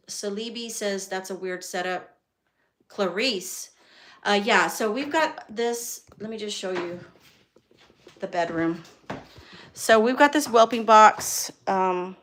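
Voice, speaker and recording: A woman's voice: medium pitch, fairly bright tone. A woman in her forties, a dog breeder chatting casually on a live stream from a bedroom at home. She rambles, with many ums and restarts. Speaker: dog breeder and kennel owner. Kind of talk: casual live stream, reading viewer comments. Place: home bedroom with a whelping box, indoors. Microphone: phone.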